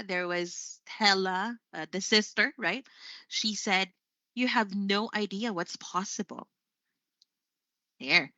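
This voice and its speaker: A woman's voice: medium pitch, pushed and bright, no echo. A woman from the Philippines teaching English online, chatty, with frequent fillers and self-corrections. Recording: dry, slightly muffled sound.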